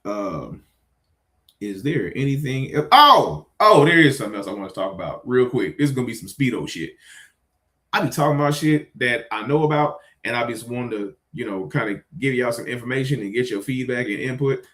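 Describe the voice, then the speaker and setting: A man ranting casually to his viewers, exasperated and swearing, swinging between loud outbursts and low muttering. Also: animated, fairly quick. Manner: conversational, addresses viewers directly. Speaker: vlogger. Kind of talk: casual rant to camera.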